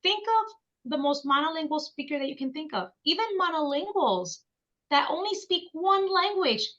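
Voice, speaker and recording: A woman's voice: high-pitched, animated, moderate pace, a bit bright, highs cut off. A woman language educator speaking as a guest in a podcast interview, emphatic and repeating her points for stress.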